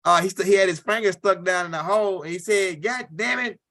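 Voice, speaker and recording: Guy doing casual stand-up, highish voice, rambly, says right? a lot. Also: steady tone, quick pace, a bit bright. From Louisiana. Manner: rambling, repeats himself, keeps asking "right?". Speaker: comedian.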